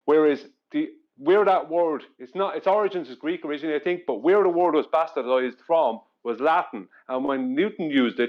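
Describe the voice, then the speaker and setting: A man's voice: fairly high pitch, lively intonation, normal speed, few pauses, highs cut off. A man in a live stream discussion, explaining a point earnestly with frequent restarts and repeats.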